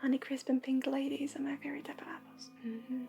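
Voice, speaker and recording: A woman speaks softly and gently, often sliding into a half-whisper, as she hosts a livestream of intuitive readings and healing. Her voice sits high and carries a gravelly edge of vocal fry. Faint music plays underneath. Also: level tone, quick pace. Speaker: intuitive reader and healer.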